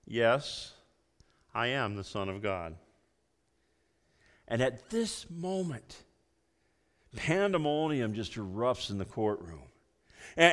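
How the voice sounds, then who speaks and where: A man preaching a sermon, emphatic, swinging between loud emphasis and hushed low passages. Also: big-room sound. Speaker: pastor.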